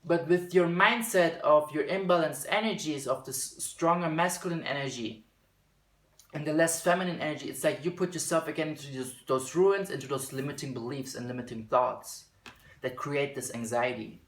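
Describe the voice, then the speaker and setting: A man whose voice is on the high side talks at a moderate pace, and the sound is roomy. As a tarot reader, he keeps his spiritual card reading casual and chatty, sometimes taking on a British accent and reading the cards' text aloud.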